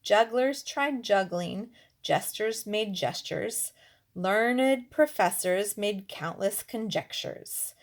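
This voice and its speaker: A woman reading a rhyming children's storybook aloud with an expressive, rhythmic delivery. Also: medium pitch, takes it slowly. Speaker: reader.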